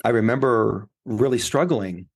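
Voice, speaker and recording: A man who coaches and writes, telling a personal story in an interview in a heartfelt, emotional way that grows animated in the retelling. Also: medium pitch, a little slow. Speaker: guest, grief coach and author.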